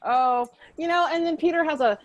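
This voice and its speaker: A woman's voice: high voice, normal speed, slight background noise, poor audio. A woman hosting a podcast, chatting casually and rambling about a TV episode with lots of fillers and giggles. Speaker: podcast host.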